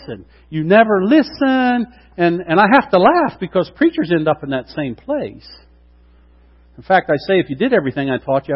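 A middle-aged man preaching a sermon, acting out quotes with lively asides to the congregation. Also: high voice, slightly rough. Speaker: pastor. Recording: dull lo-fi sound with long hall reverb.

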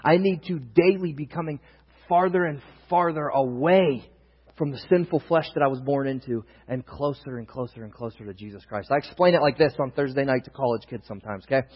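A young male pastor preaching a sermon, earnest, swinging from loud emphasis to near-hushed confiding, recorded in a church hall. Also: medium pitch, quick pace, hardly any pauses. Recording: dull, roomy long reverb, husky.

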